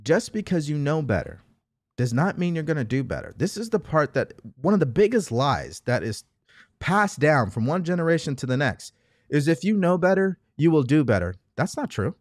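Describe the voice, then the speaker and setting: Man, motivational speaker, emphatic, rhetorical, lively pitch, dry sound. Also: normal speed, no echo. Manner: emphatic, repetitive, rhetorical questions. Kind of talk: motivational monologue.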